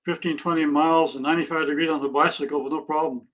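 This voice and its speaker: A man's voice: a little high, fairly even intonation, quick pace, fairly bright tone, poor audio. A man in his sixties, a podcast guest, speaking earnestly and plainly about his life and his faith. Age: 60s. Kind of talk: casual interview chat.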